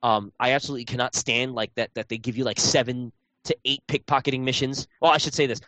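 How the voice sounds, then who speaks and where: A man's voice: medium pitch, steady tone, fast, fairly bright tone, no room sound. Rambling man telling a gaming story. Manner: rambling storyteller, many fillers and restarts. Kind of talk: casual chat.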